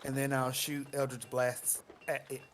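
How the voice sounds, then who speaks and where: A man playing a tabletop role-playing game, hesitant and full of fillers and restarts. His voice sits at a middling pitch, and faint background noise runs under it. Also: completely flat delivery, a little slow, fairly bright tone. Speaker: player.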